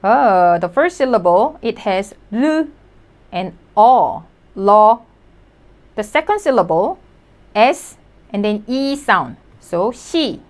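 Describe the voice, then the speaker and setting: A woman's voice: medium pitch, lively intonation, slow. A woman teaching a language class, patiently repeating each sound for learners. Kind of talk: slow spoken lesson.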